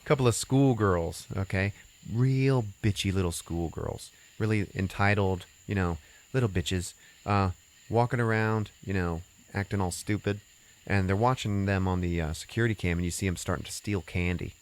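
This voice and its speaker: A podcast host with a low voice and moderate pace walks through a film's story in a relaxed, meandering way. He leans on "you know" and "uh" and swears freely as he goes.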